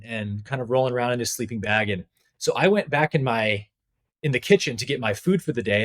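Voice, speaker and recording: Animated man telling a story. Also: mid-range voice. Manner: animated, conversational, with frequent "like" fillers. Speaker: podcast guest, spiritual teacher. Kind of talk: candid storytelling in a podcast interview.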